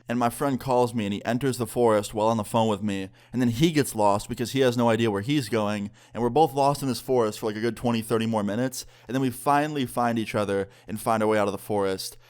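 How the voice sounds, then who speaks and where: A young man telling a story in a casual vlog, animated and rambling, with lots of "like". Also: mid-range voice. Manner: animated, rambling, heavy use of "like". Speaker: vlogger.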